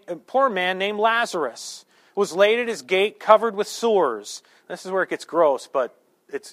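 A man delivers a sermon in a church with a voice pitched noticeably high for a man. He keeps it conversational, tossing in jokes and asides, then suddenly bursts out loud to drive a point home. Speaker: pastor. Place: church sanctuary.

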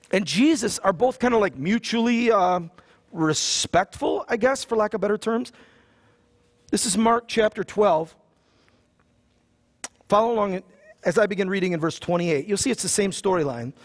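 A pastor with a fairly high voice for a man preaches to his congregation. He reads scripture aloud and then retells it in loose, joking everyday language. His sermon style is conversational, not formal. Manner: casual and joking, with slang asides.

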